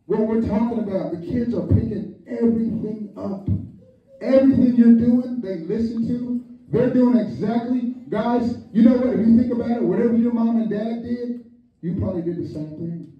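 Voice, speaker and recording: Male pastor, animated sermon, heard from a distance, muffled. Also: extremely high pitch, moderate pace. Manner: animated, calls on the congregation, acts out quotes. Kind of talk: lively storytelling sermon. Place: church hall, echoey. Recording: echoey church hall from far off, muffled.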